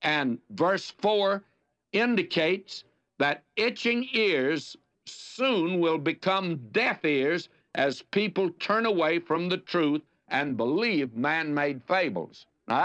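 An older man with a Southern US accent gives a folksy radio Bible lesson, his fairly high voice swooping up and down with lively emphasis. The recording sounds dull and lo-fi, like old radio. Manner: folksy and anecdotal, with dramatic emphasis.

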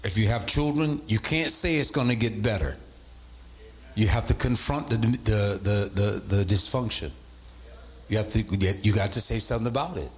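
A man preaching a sermon as bishop, repeating points and rising into sing-song emphasis. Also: normal speed. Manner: animated, swoops from low to high pitch, sing-song emphasis.

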